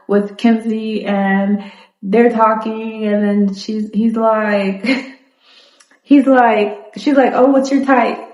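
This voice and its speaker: A young woman from South Florida giving a sassy, animated casual recap of a reality show. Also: a little high. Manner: animated, sassy, talks back to the screen. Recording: echoey room.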